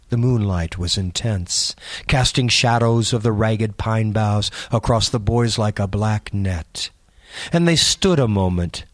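A man narrating a spooky story in a measured, suspenseful audiobook reading. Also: lowish voice, no room sound.

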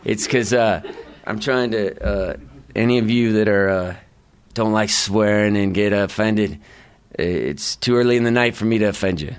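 A man's voice: on the low side, normal speed, clear, resonant tone. A man reading a story aloud to a live audience, with casual, joking asides. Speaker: reader.

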